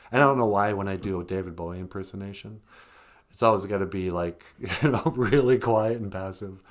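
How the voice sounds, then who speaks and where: A man chatting casually on a live stream, rambling, chuckling often and trailing off quietly. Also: deep voice, fairly quick.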